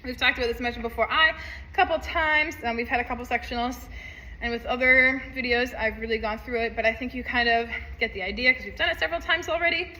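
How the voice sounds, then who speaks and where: A woman's voice: fairly high pitch, quick pace, pushed and bright, reverberant, poor audio. A woman teaching a saxophone part, upbeat, counting aloud and singing rhythms. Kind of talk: music lesson walkthrough.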